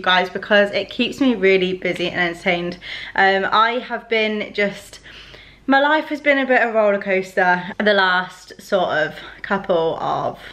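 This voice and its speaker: Indoors at home, a young woman talks to her camera in a casual vlog, wandering from point to point and leaning heavily on "like." She has a medium-pitched, slightly bright voice.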